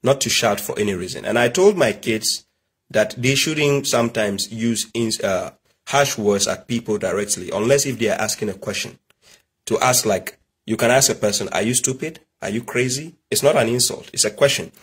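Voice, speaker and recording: A man's voice: mid-range voice, moderate pace, fairly bright tone, slightly rough. A middle-aged man lecturing in an emphatic way, firing rhetorical questions and telling family stories. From Nigeria. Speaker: religious commentator. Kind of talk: preachy monologue.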